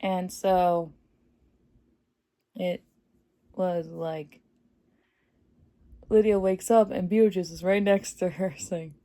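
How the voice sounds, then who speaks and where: A woman giving a casual, excited movie review, chatty and full of fillers, laughing often. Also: fairly low pitch, slow pace, long pauses. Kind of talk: casual spoiler review vlog.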